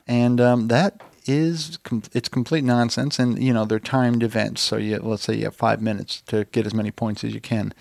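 A man's voice: medium pitch, steady tone, moderate pace, gravelly, hardly any pauses, darkish tone, no echo. A man co-hosting a gaming podcast, chatting casually and telling rambling stories with the odd swear word. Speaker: podcast co-host. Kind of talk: casual chat.

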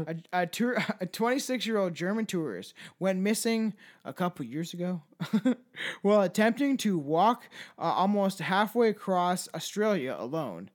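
A man hosting a casual chat, reading out odd news stories in a profane, joking way and stumbling over foreign names. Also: high voice. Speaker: podcast host.

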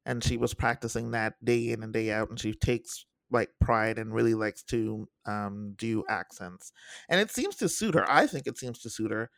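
A young podcast co-host with a gravelly vocal fry chats casually while reviewing a TV series. He's animated and eager to act out quotes in high-pitched voices. The recording is dry and close, with no room sound at all.

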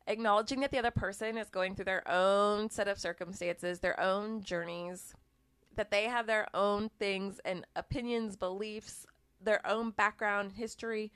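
A woman's voice: mid-range voice, dry recording. Woman giving friendly advice, dry sound. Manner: animated, acts out little dialogues, laughs between points. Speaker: speaker giving communication advice. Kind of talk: casual talk to the listener.

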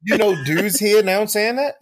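A man's voice: sits high, unhurried, a crowd in the background. A man co-hosting a podcast, a profane storyteller who acts out the voices he quotes. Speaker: podcast co-host. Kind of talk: casual chat.

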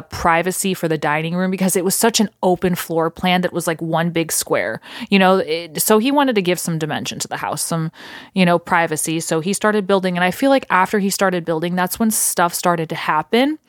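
Lady rambling through a spooky story, lowish voice, dry close mic. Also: normal speed, no echo. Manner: rambling, many fillers and restarts. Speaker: podcast host. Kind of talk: casual ghost story telling.

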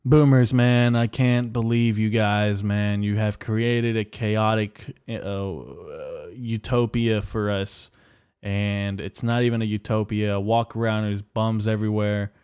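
A man's voice: fairly low pitch, fairly even intonation, a little slow, a little mellow, clean tone. A young man hosting a podcast, delivering a profane, rambling, mock-outraged comedic rant. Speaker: podcast host.

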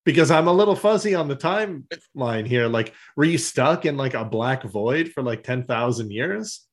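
A man's voice: mid-range voice, lively intonation, normal speed. A man co-hosting a podcast who jokes, swears freely and laughs often. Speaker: podcast co-host. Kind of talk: casual chat.

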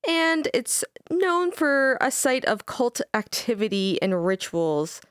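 A woman's voice: on the high side, very animated, takes it slowly, fairly bright tone, clear, resonant tone, no echo, studio quality. A woman co-hosting a podcast, chatting casually and reading quoted passages aloud. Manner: laid-back, reads quoted passages aloud. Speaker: podcast co-host.

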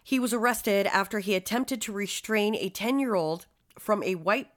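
A woman's voice: medium pitch, moderate pace. A woman co-hosting a true-crime podcast, reading case details and then riffing with blunt, swearing asides. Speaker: podcast co-host.

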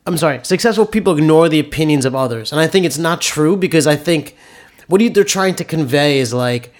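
A man in relaxed podcast chat, slightly higher-voiced than most, who rambles, agrees readily and jokes around. His talk is loose and playful. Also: fairly quick. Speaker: podcast co-host.

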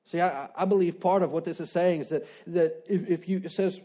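A man's voice: high voice, steady tone, fairly quick, warm tone. A man preaching a sermon in a conversational way, asking rhetorical questions and repeating his key declarations. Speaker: pastor.

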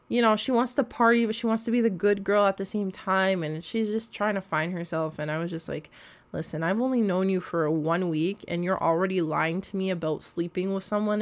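A young woman telling a casual storytime rant about her coworkers, exasperated and animated, swearing freely and full of likes and fillers. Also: medium pitch. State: recovering from a cold. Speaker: vlogger.

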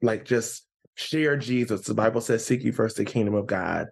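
A man as a guest on a casual podcast interview, upbeat and excitable, his pitch jumping up when he gets animated. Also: normal speed, creaky, slightly rough.

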